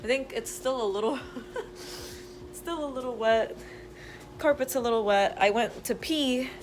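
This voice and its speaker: Excited young woman vlogging through labor. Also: fairly high pitch, unhurried, faint music behind, rough recording. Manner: chatty, giggly and excited. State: in labor, pausing through contractions. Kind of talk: casual vlog chat.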